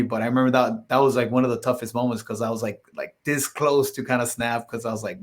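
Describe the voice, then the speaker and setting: A man's voice: medium pitch, fairly even intonation, fast talker, few pauses. A man on a podcast as a guest, telling his stories in a casual, rambling way full of "like" and "you know", and acting out the dialogue. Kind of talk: casual storytelling interview.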